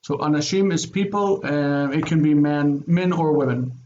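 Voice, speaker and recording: A male Hebrew teacher with a slightly high, a little mellow voice gives an online grammar lesson at normal speed. He explains patiently, repeats words and checks understanding with "okay?", and the recording sounds dull and lo-fi with faint noise.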